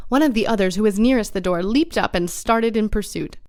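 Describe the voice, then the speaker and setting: In a steady, even manner, a woman narrates an audiobook with a mid-range voice. The sound is studio quality, free of echo.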